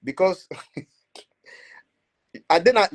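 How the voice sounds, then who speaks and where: A Cameroonian man, a blogger, scolding in animated Pidgin English and switching into French. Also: sits high, extremely slow. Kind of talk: ranting commentary.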